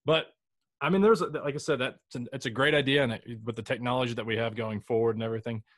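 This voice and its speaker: Casual male podcast host, loose and rambling, middle-pitched voice, dry close sound. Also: fast, no room sound. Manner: rambling, loose, with frequent restarts and mild swearing. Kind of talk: casual chat.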